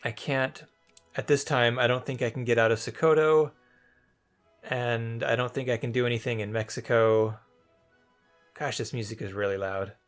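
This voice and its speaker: A man's voice: medium pitch, fairly even intonation, moderate pace, pauses often, faint music behind. A young man casually commentating his own gameplay after the fact, thinking aloud in a rambling, hesitant way with many restarts. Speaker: let's play commentator.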